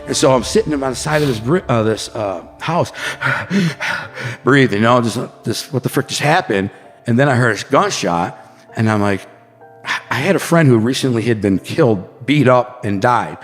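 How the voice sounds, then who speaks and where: A man from the Detroit area, a podcast guest, telling an intense story in a fast, casual way, often saying bro and man. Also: mid-range voice, big-room sound. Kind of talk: animated storytelling.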